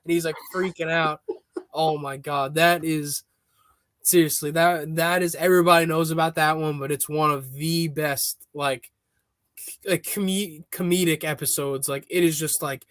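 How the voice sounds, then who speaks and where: A man's voice: on the high side, steady tone, normal speed, a bit bright, no room sound. A man hosting a podcast, recounting scenes in a loose, rambling way with many fillers. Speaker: podcast host. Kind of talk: casual chat.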